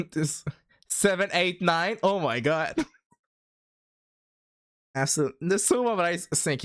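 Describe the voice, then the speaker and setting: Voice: mid-range voice, animated, slow pace, long pauses. A livestreamer chatting casually with viewers, rambling with many fillers and laughing often. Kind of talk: casual stream chat.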